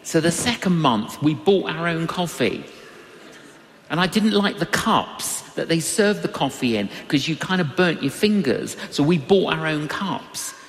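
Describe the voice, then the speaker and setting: A man preaching a sermon, telling personal stories with animated swings in his voice. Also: measured pace, reverberant, in a large hall. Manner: animated storytelling with big pitch swings.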